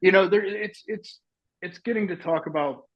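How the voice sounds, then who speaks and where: Guesting on a relaxed interview, this Texan actor and retired soldier in middle age tells meandering stories, often restarting and laughing. His voice sits high at a normal pace, and the recording's highs are cut off.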